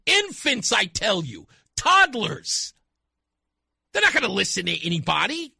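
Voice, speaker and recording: Talk radio guy ranting, high lively voice, bright and sharp, dry close mic. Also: a little slow, gravelly, slightly rough, no room sound. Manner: animated, mocking, acts out voices. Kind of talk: opinionated talk radio monologue.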